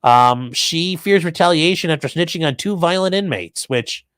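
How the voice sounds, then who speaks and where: His voice sits on the high side, smooth and fairly bright, with lively intonation at a normal speed and no echo. He's running a relaxed live stream, going through chat and cracking crude, offhand jokes about current events.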